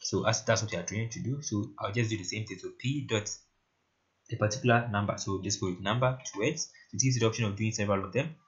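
Man in a low-fi coding tutorial. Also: quick pace. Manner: casual, repeats "right?" and "very interesting". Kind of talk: screen-recorded coding tutorial. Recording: lo-fi muffled mic. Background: keyboard typing and clicks.

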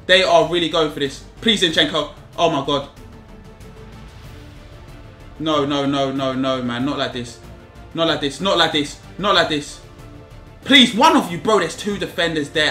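A man's voice: on the high side, brisk, roomy sound, faint music behind. Frustrated young man reacting to a game. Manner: frustrated, shouts at the game, repeats phrases. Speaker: gaming YouTuber. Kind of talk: live gameplay commentary.

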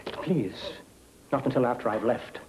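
An actor playing a nervous attorney in a 1940s film, urgent, clipped and impatient. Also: male voice, mid-range voice, unhurried, noisy background, close to an everyday voice. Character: nervous, hurried male lawyer.

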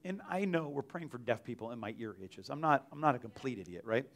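A man's voice: medium pitch, animated, fast talker, a bit bright. A man giving a casual, rambling testimony at a church service, full of "like"s and restarts. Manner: rambling, filler-heavy, many "like"s and restarts. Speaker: mission trip team member giving testimony.

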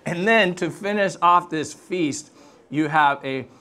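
A pastor, preaching a sermon through playful, animated storytelling. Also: mid-range voice, takes it slowly. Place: church.

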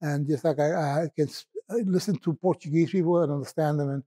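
Husky, halting man with a mellow voice. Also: fairly high pitch, fairly even intonation. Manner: halting, stumbling over words and restarting; musing and reflective. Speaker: poet guest. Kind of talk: casual podcast conversation.

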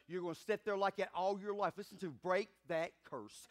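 A pastor preaching to his congregation, his voice high and bright. He presses his points with fervent emphasis and builds to loud peaks. He keeps asking the room for an amen. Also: expressive, a little fast, few pauses. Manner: calls for congregation responses. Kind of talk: sermon.

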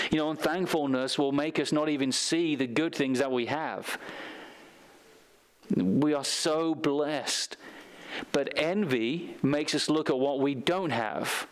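A male pastor delivers a sermon in a smooth, resonant voice. He reads scripture passages aloud and weaves in stories from his own life. His pitch sits in an ordinary middle range for a man. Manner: preaching with scripture readings and personal anecdotes. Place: church sanctuary.

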